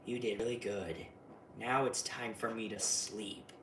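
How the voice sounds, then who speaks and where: Brief: creepy male clown monster, as a man puts him on, lurching from low menace to shrill glee, roomy distant sound. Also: fairly even intonation, fairly bright tone, slight background noise. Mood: soft menace. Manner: swings between deep slow menace and high giddy taunting. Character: sinister shape-shifting male clown monster. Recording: roomy, distant mic, faint ambience.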